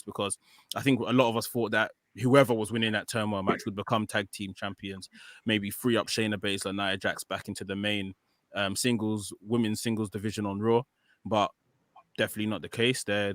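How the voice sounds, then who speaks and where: A man's voice: fairly low pitch, bright, forceful tone, no room sound, clean studio sound. A man co-hosting a wrestling podcast, recapping a match in casual chat with many ums. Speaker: podcast co-host.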